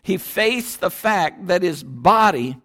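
Male pastor, sermon, high voice, emphatic, call-and-response. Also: animated, slow, fairly bright tone. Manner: emphatic, repetitive, calls congregation to respond. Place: church.

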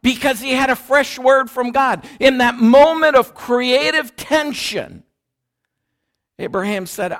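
A man's voice: very high-pitched, slow, a bit bright. A man preaching a sermon in a church, emphatic and repetitive, calling the congregation to repeat after him. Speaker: pastor.

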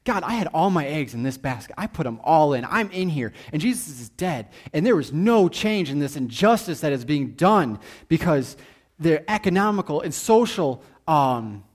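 A man's voice: a little high, sing-song, moderate pace. A man voicing a hurt, disillusioned male disciple who speaks with bitter defiance.

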